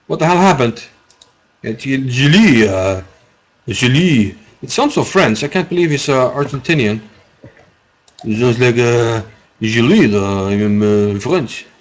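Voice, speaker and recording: Man, casual rambling chess commentary, mid-range voice, chatty with viewers. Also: mid-range voice. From Iceland. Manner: rambling, chatty, answers chat, laughs often. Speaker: chess streamer commentating a live game.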